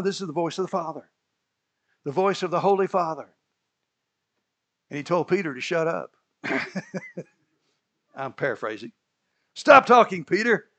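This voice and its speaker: A male preacher with a slightly raised voice delivers a lively sermon. He moves between plain explanation and excited acted-out lines. He chuckles now and then at his own asides. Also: on the high side. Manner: animated storytelling, acting out biblical characters. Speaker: pastor.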